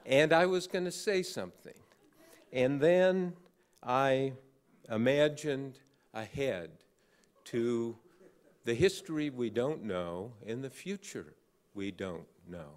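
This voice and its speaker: A man in his sixties giving an award acceptance speech at a podium, telling an anecdote in a halting way with many uh fillers and dry, wry humor. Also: medium pitch. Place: large banquet hall on stage.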